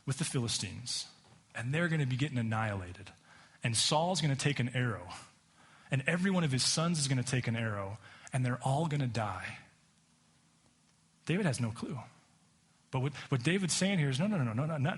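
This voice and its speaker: A man's voice: mid-range voice, husky. A male pastor preaching a sermon, telling a story and acting out the voices of its people.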